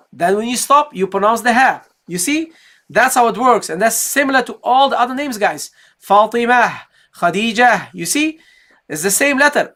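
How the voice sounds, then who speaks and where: A woman's voice: on the high side, fairly bright tone. A woman teaching Quran recitation in a live online lesson. She explains step by step, asks and answers her own questions, and often checks in with "okay, guys?".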